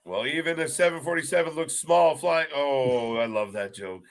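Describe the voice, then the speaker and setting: Higher-voiced man quipping during a watch-along. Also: moderate pace. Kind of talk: casual live alternative commentary.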